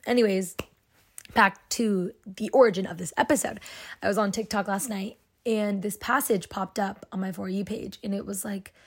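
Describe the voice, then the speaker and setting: Young woman podcast host, mid-pitched, sincere and meandering, leaning on "like" as she talks things through. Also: steady tone, normal speed, slightly rough. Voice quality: sensitive voice. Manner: earnest, rambling, heavy use of "like". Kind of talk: casual solo podcast talk.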